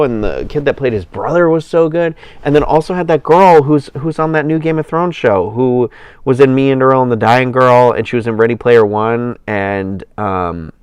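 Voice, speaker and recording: A man's voice: medium pitch, darkish tone, smooth, no room sound. A man hosting a casual livestream, chatting with his viewers in a rambling, enthusiastic way, full of fillers and restarts, a little tired. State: yawning, tired. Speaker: livestream host.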